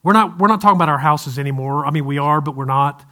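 Higher-voiced male pastor preaching. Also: fast, sharp tone. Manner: conversational preaching with light humor and frequent restarts. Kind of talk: sermon. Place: church service, also streamed to viewers at home.

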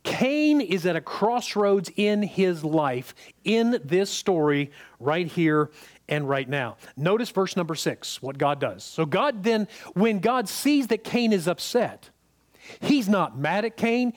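High-voiced male preacher, conversational. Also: big pitch swings, takes it slowly. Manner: conversational, checks in with the congregation; repeats and restarts words when emphatic. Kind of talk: sermon.

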